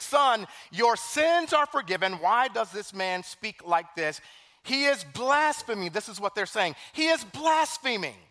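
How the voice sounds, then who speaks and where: A male pastor delivering a sermon in a high, bright voice. He is animated, dropping to a hush for scripture quotes and rising to loud emphasis on his points. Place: church sanctuary.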